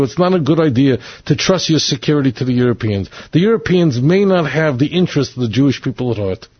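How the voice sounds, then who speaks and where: A man's voice: a little high, slightly rough, no echo. A man delivering an opinionated monologue as a commentator, talking bluntly and emphatically, repeating his points and restarting sentences. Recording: dull lo-fi dry recording.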